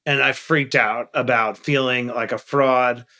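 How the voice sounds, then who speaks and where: A man's voice: mid-range voice, fairly even intonation, unhurried, pushed and bright. A middle-aged man from Queens, candidly telling stories as a guest on an interview podcast. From Queens, New York. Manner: candid, earnest storyteller who stresses key points. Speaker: guest investor.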